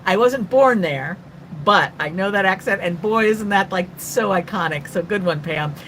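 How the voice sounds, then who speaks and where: A woman's voice: medium pitch, lively intonation, a bit bright, a little hiss or hum, poor audio. An older woman from North Carolina who hosts a chatty, rambling live stream as an artist and greets her viewers by name. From North Carolina, USA. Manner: talkative and quick after coffee. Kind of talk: casual live-stream chat.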